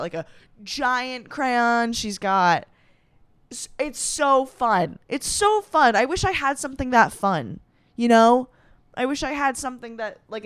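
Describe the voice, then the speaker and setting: A young woman with a Western New York accent, a comedian hosting a podcast, talks in a casual, animated monologue, gushing and swearing and saying "like" a lot. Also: medium pitch, clear, resonant tone, no echo. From Rochester, New York. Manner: animated, profane, gushing, heavy use of "like".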